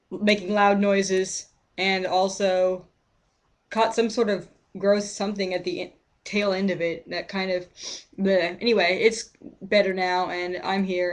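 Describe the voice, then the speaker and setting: A woman streaming a game, giving rambling, chatty commentary and often cutting herself off mid-word. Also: mid-range voice. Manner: rambling, chatty, self-interrupting. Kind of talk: casual let's-play commentary.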